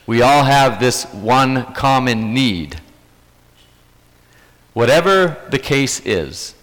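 A male pastor delivers a sermon at an unhurried pace, his pitch rising and falling expressively with a fairly bright tone. He preaches earnestly, repeating phrases for emphasis, and a long echo suggests a large church hall.

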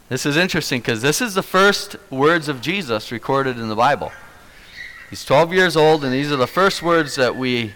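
A man's voice: mid-range voice, fairly bright tone. A man preaching a sermon, telling a story with animation and acting out the quoted lines. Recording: long hall reverb.

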